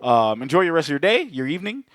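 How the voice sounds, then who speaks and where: A man co-hosting a movie podcast, with a slightly higher voice for a man. He chats casually, swears a lot and uses plenty of slang, getting worked up as he tells stories. The sound is dry and close. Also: quick pace, dry recording. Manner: profane, animated, slangy storytelling. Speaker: podcast co-host.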